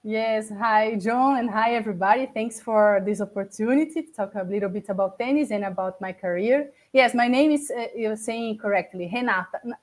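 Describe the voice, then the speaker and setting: A Brazilian woman in her forties, a native Portuguese speaker, talks in English with a clear Brazilian Portuguese accent. Her voice sits a little on the high side. She often hesitates and corrects herself while looking for the right words. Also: fairly quick. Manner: hesitant, searching for words, with fillers and self-corrections. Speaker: interview guest, former tennis player and broadcaster. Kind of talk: casual interview chat.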